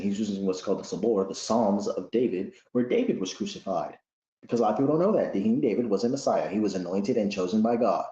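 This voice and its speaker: Animated man in a lo-fi echoey room. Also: on the low side. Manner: animated, rough casual slang, repeats himself. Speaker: religious commentator. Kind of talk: casual monologue.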